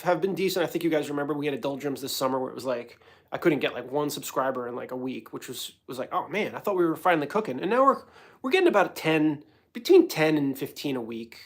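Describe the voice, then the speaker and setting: A man from New York hosting a casual livestream, talking in a rambling, hyper, self-mocking way. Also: a little high. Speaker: host.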